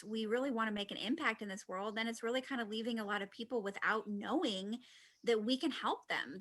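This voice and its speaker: Bright, upbeat woman coaching on live video. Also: fairly high pitch. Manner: chatty, animated, laughs often. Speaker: business coach. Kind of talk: presentation talk.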